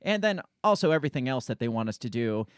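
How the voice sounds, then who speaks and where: A man's voice: medium pitch, big pitch swings, quick pace, clean tone, no room sound, studio quality. A man hosting a casual political podcast, rambling and blunt, swearing offhandedly. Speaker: podcast host.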